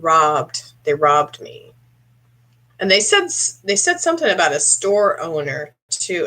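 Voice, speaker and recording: A woman psychic medium giving a live-stream reading, speaking haltingly and clearing her throat often as she asks a viewer questions. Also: lowish voice, sharp tone. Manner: halting, searching delivery with frequent throat clearing; addresses a viewer directly with questions.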